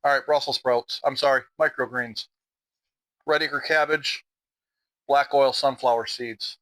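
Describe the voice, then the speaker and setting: Midwestern vlogger, middle-aged man, bright even-toned voice, casual talk over dinner at home. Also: mid-range voice, a little slow, poor audio. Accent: Midwestern American. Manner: relaxed, chatty, talks with mouth full. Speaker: outdoor vlogger. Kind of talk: casual vlog narration while eating.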